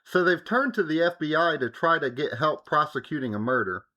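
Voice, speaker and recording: A man's voice: on the high side, animated, a little fast, bright, forceful tone. A young adult man co-hosting a podcast, recapping an episode with joking asides. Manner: joking, summarizes plot with playful asides. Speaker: podcast co-host. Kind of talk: casual chat and episode recap.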